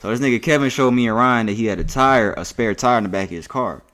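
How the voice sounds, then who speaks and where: A man's voice: medium pitch, fast, a bit bright. A young man co-hosting a podcast, telling stories in casual chat, swearing a lot and acting out the quotes. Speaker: podcast co-host.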